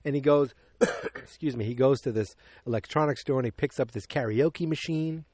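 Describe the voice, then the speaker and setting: A man's voice: medium pitch, moderate pace, a little mellow, husky, dry recording. A man hosting a podcast, casually recapping a movie plot in a rambling way, full of fillers and acted-out quotes. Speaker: podcast host.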